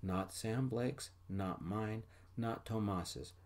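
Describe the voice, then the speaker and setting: Scolding young woman, voiced by a man, stern, soft-spoken ASMR storytelling. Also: fairly low pitch, slow pace.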